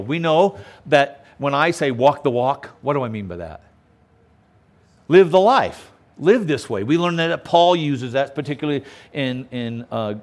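Animated preaching man, higher voice. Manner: emphatic, keeps checking in with "okay?". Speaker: pastor. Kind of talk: sermon. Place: outdoors on a lakeshore.

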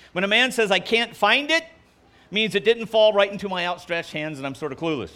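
Animated, lively pastor preaching. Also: male voice, sits high, a little fast. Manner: animated, playful delivery of jokes. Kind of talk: sermon.

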